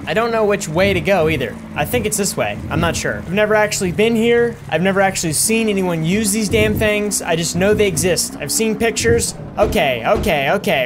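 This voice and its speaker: A young man talks through a video game in loose, rambling commentary, mocking himself and swearing as he goes. His voice sits a little high for a man, and faint game noise runs underneath. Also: expressive, a little fast, hardly any pauses. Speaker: gaming YouTuber. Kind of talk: casual gameplay commentary.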